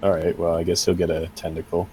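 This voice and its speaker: A man's voice: low voice, flat delivery, fast, dark tone, slight background noise, rough recording. A man playing a tabletop game, speaking partly in character in a playful, joking way. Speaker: player. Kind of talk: casual tabletop role-play.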